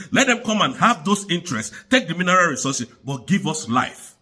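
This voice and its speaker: A man's voice: high voice, animated, a little fast, pushed and bright, slightly rough. A man giving angry, pleading political commentary that circles back on its points.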